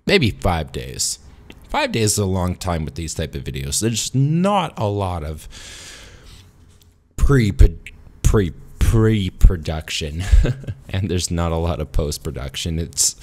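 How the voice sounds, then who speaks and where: A man vlogging alone in an unscripted monologue, rambling and self-deprecating with pauses and restarts, a little tipsy from a beer. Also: deep voice, darkish tone.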